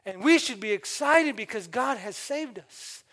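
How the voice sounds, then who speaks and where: A man's voice: very high voice, expressive, a little slow, sharp tone. An older man preaching a sermon, exhorting the congregation and calling out for amens. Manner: exhorting, calls for amens and asks the congregation questions.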